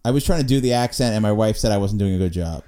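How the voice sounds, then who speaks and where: A man's voice: lowish voice, racing, over a noisy crowd. A young man co-hosting a podcast in casual chat, dry and rambling, often trailing off. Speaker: podcast co-host.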